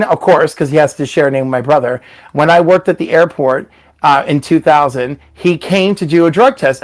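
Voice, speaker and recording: A man with a slightly high voice hosts a casual stream, chatting animatedly as he tells stories and acts out the voices of the people in them. The recording is rough.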